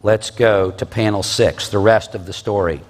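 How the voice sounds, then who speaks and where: A man's voice: fairly low pitch, steady tone, moderate pace. A man in his forties teaching a Bible lesson in a conversational way, with asides and rhetorical questions. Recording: long reverb.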